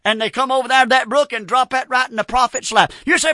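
High-voiced folksy male preacher. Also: fast talker, no echo, studio quality. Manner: folksy, repeats amen, animated storytelling. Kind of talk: folksy storytelling sermon.

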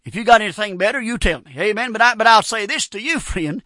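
A male preacher telling stories in a folksy sermon, with a very high, bright voice. He is animated and keeps dropping in amens. The sound is dry and close. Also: quick pace, hardly any pauses, dry recording. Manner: folksy, repeats amen, animated storytelling.

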